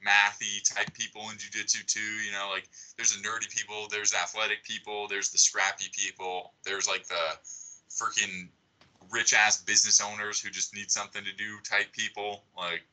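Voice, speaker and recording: Bright-voiced young man, laid-back chat. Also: on the low side, little pitch movement, normal speed, poor audio. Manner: swears a lot, laid-back filler-heavy talk. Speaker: podcast guest, jiu-jitsu competitor. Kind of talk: casual podcast chat.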